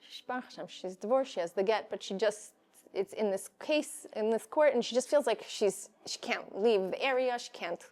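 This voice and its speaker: A woman's voice: a little high, normal speed, a little mellow. A woman giving an informal Torah class, talking conversationally with frequent restarts and Hebrew terms mixed in. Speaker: Torah teacher.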